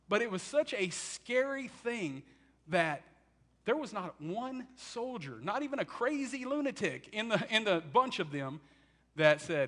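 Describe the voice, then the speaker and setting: Bright-voiced preacher. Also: male voice, high-pitched, measured pace. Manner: animated storytelling, acting out quotes. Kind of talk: sermon.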